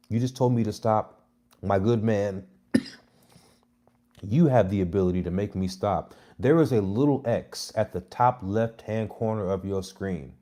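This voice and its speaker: A man in his thirties delivering a brash, mocking monologue to his viewers, with loud jabs and muttered asides. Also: lowish voice. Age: 30s. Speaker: comedy content creator. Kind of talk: casual provocative monologue.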